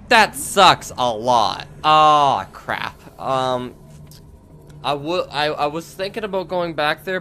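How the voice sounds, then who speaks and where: A man giving let's play commentary, excitable and quick to yelp, talking straight to his viewers. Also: mid-range voice, a little hiss or hum. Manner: excitable, yelps and jumpy outbursts, addresses viewers. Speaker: gaming video creator.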